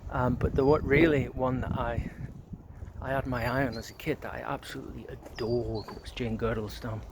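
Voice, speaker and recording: A man's voice: medium pitch, fairly even intonation, moderate pace, noisy background. A middle-aged man walks around an outdoor neighbourhood. He reminisces in a loose, rambling way, full of filler words and casual swearing. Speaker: vlogger.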